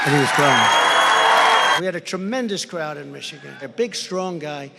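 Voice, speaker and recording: A man's voice: on the high side, animated, a little slow, vocal fry, a loud crowd, heavy background noise. A man giving campaign rally speeches, telling boastful stories in repetitive, punchy short phrases. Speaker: president speaking at rallies and events. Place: large rally halls and arenas. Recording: long reverb of large rally venues.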